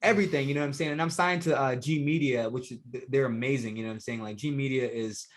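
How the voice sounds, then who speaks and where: A man's voice: medium pitch, steady tone, fast. A young man with a Jamaican accent, guesting on a podcast and talking in a loose, laid-back way full of slang and fillers. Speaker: guest, professional fighter. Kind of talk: casual podcast interview.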